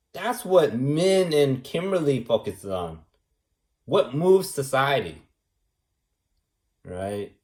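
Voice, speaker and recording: A man delivering a rambling, preachy monologue, repeating himself and tagging lines with "man" and "right". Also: medium pitch. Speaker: vlogger.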